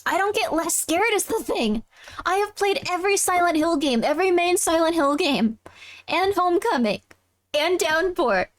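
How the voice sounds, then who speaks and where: A woman's voice: extremely high pitch, lively intonation, normal speed, dry recording. A young woman livestreaming a game, chatting and giggling with her viewers. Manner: giggly, chatty, talks to chat. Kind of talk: casual live gameplay chat.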